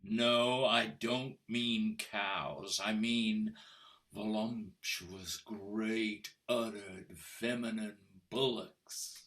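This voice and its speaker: Older actor as a sneering husband on a video-call stage play, bright tense voice, slow delivery. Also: male voice, high voice, very animated, exaggerated voice. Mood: scornful. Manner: taunting, mocking, coldly deliberate. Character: scornful middle-aged husband baiting his wife. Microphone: computer mic on a video call.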